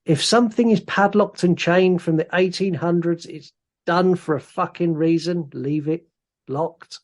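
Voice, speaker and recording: Animated man recapping a film. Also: on the high side, unhurried. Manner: animated, recounts the plot with sweary asides and laughs. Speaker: podcast co-host. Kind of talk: casual film review chat.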